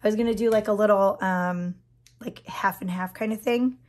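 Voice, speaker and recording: A woman in her thirties with a hoarse, scratchy voice that drops into whispers, chatting and gushing while doing her nails. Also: mid-range voice, fairly even intonation, moderate pace, a little mellow. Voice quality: breaks into whispers. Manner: chatty, gushing, many fillers. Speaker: nail vlogger. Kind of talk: casual chat while doing a manicure.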